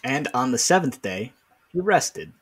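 On a podcast he co-hosts, a man plays around reading a comic text, acting out its quoted lines and laughing a lot. His voice is medium-pitched and very animated, a little slow, with a breathy edge.

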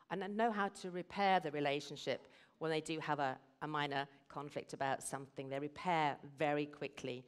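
A woman's voice: low-pitched, clean tone. A middle-aged woman giving a sermon, explaining and telling stories in an earnest way. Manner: earnest, storytelling. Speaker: guest speaker at a church service.

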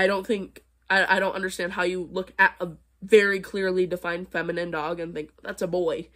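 A woman's voice: medium pitch, fairly bright tone. A young woman vlogging, reacting to comments in a blunt, sarcastic way and laughing between her points. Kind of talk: casual vlog commentary.

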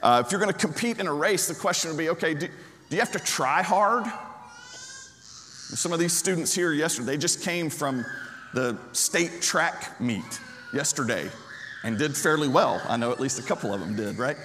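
Preacher, male, fairly high voice, chatty sermon delivery, long church reverb. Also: expressive, moderate pace, fairly bright tone, a little hiss or hum. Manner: conversational, with frequent restarts and asides to the congregation. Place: church sanctuary.

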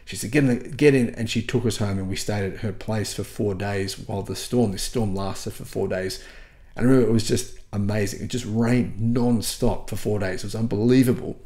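Mellow-voiced Australian man telling stories. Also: fairly low pitch, fairly even intonation, normal speed. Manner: earnest, rambling anecdotes with frequent restarts. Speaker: channel host. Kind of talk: casual vlog storytelling.

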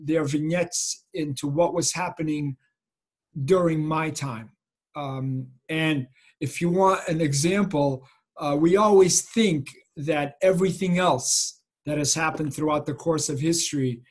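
A man's voice: a little high, measured pace, husky. A middle-aged man from Massachusetts giving an informal talk about his photojournalism over a video call, earnest and reflective with many ums. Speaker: photojournalist guest speaker. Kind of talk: informal lecture.

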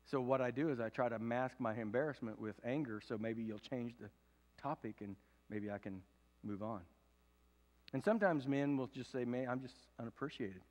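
A man in his fifties preaching a sermon, swinging from loud emphatic preaching to low confiding tones. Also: moderate pace, long reverb tail, dull audio. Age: 50s. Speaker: pastor. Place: church sanctuary.

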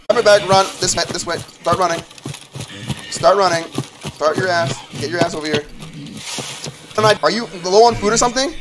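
A young man streaming a game, excitable and swearing, shouting orders to his teammate. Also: high-pitched, normal speed, pauses often. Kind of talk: live gameplay commentary. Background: background music.

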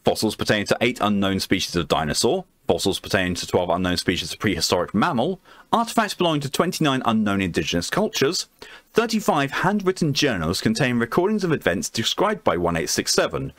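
A man's voice: on the low side, fairly bright tone, dry recording. A man reading documents aloud on a live stream, breaking off to swear and react.

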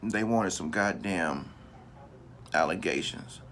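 A man's voice: deep voice, takes it slowly, fairly bright tone, slight background noise. Profane, emphatic man ranting to viewers. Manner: profane, emphatic, repeats himself, addresses viewers directly. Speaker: vlogger. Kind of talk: casual ranting commentary to camera.

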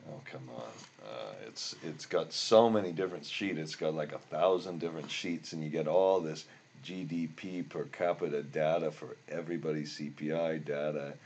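An older man teaching a software tutorial while recording his screen, rambling and grumbling about bugs as he works. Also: a bass voice, normal speed, husky. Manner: rambling, easily frustrated, grumbling asides. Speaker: instructor.

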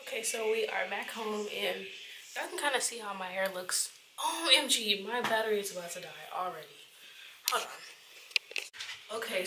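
Chatty young woman vlogging over noise. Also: mid-range voice. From Atlanta, Georgia. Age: 20s. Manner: chatty, upbeat, loose slang. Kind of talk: casual vlog chat.

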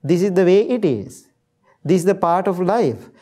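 Sri Lankan monk with a mellow voice. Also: male voice, high-pitched, animated, moderate pace. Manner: storytelling with acted-out quotes, laughs easily. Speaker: Buddhist monk teacher. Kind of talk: dharma talk to an audience.

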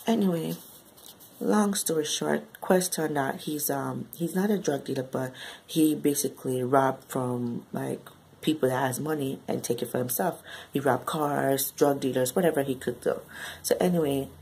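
A woman recapping a novel in a chatty, slangy way, often tagging "right?" onto her sentences and bursting into high exclamations. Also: moderate pace, vocal fry, a little mellow, husky, poor audio. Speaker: book reviewer. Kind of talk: casual book recap.

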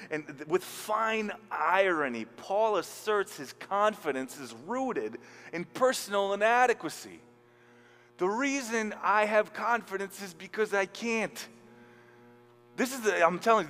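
A man with a high voice preaches a sermon, loose and animated, dropping slang and acting out quotes. His voice rings with a long hall reverb, and faint music plays underneath. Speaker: pastor. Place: church hall.

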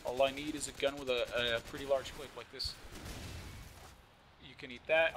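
A young man with a slight lisp giving casual, joking live commentary over his own shooter gameplay, swearing often and yelling at other players. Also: medium pitch, level tone, moderate pace, pauses often. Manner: joking, swears often, yells at opponents and teammates.

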